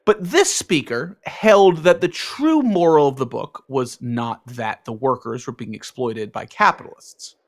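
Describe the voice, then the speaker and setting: A man's voice: mid-range voice, lively intonation, a little slow, hardly any pauses. A man co-hosting a podcast, chatting casually and narrating with sarcastic jokes. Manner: joking, sarcastic. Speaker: podcast co-host.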